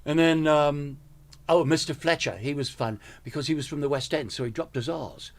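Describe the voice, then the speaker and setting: A man's voice: a little high, moderate pace. An American man in his seventies, a comedian guest telling stories in a casual interview and slipping into impressions of people he knew. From United States. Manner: animated storyteller who slips into impressions.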